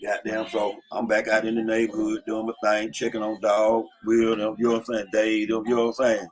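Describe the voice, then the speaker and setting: A man's voice: lowish voice, completely flat delivery, brisk. Laid-back man spinning street tales. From Atlanta, USA. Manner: slangy, keeps saying "you know what I'm saying". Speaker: vlogger telling street stories. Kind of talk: casual storytelling. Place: in a car.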